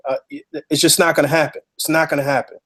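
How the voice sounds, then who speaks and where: A man's voice: a little high, level tone, fast, fairly bright tone. A man hosting a podcast, telling a story in a heated, emphatic, profane way. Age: adult with a child. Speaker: podcast host.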